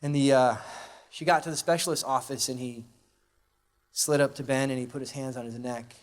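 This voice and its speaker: A man's voice: medium pitch, fairly even intonation, a little fast. A man speaking at a conference, telling a personal testimony in a conversational, emotional way with many fillers, into a stage microphone. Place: large live conference venue. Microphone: handheld or stage microphone.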